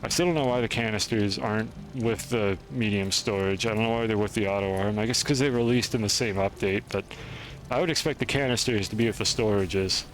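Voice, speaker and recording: A man's voice: lowish voice, brisk. A man streaming a game, chatting through his moves in a rambling, self-deprecating way. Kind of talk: gameplay commentary.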